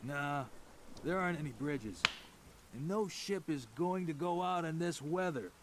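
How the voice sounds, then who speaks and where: An actor playing a gruff, sardonic fisherman in a game, with a put-on accent and a folksy manner. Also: on the high side, animated, unhurried, slight background noise. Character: gruff middle-aged male fisherman. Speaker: game character.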